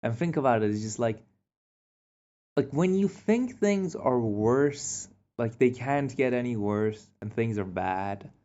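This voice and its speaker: Male vlogger, casual storytime, rambling delivery with fillers and restarts; mid-pitched voice on a dull, lo-fi track. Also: expressive, a little slow, warm tone. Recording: dull lo-fi recording.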